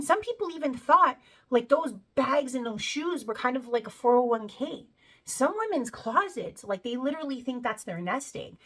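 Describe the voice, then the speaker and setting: A woman's voice: on the high side, fairly bright tone. A woman talking casually to her viewers, chatty and conversational, often checking in with "you know" and "right?". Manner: laughs while telling the story. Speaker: spiritual video creator. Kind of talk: casual monologue to camera.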